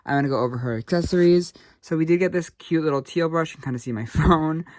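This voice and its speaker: A young man giving a casual doll unboxing review, excitable and gushing, with lots of fillers. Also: fairly high pitch, fast, hardly any pauses.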